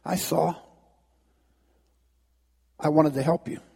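A man voicing Jesus as a calm, assured male figure who speaks softly in a sermon story. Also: on the high side, moderate pace, creaky, breathy edge, long reverb tail, pitched below the performer's own voice.

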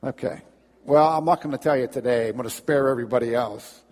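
Husky pastor preaching in an echoing church. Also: male voice, medium pitch, fast, a little mellow. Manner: conversational storytelling with fillers. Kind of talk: sermon. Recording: long reverb in a church.

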